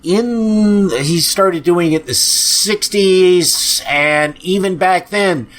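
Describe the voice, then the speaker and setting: A man's voice: high voice, slow pace, a bit bright. A man hosting a podcast, ranting in an angry, profane way with frequent sighs, sounding depressed. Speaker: podcast host. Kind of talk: ranting monologue.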